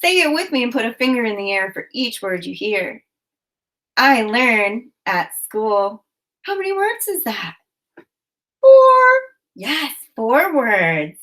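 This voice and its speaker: A woman teacher leading a children's phonics lesson, speaking in slow, clearly enunciated prompts with encouragement. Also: on the high side, sing-song, fairly bright tone.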